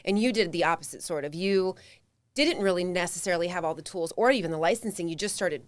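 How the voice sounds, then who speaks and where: A woman hosting an interview show who encourages her guest warmly and steers the talk with questions. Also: fairly low pitch, fast, dry recording. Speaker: podcast host. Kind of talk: casual interview chat.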